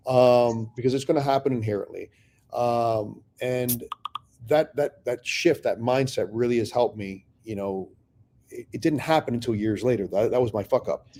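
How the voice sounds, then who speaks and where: A man with a dark, mellow voice tells his business stories with blunt, profane candor. He talks in a loose, conversational way, breaking into the voices of people he once argued with. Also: mid-range voice, normal speed, slight background noise. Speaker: real estate investor guest. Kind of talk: candid conversational storytelling.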